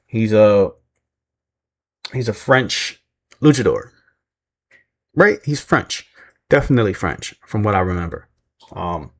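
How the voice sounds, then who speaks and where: A man casually recapping a wrestling show, rambling and poking fun at himself, sometimes mimicking the people he describes. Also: fairly low pitch. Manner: rambling, self-deprecating, mimics voices when retelling.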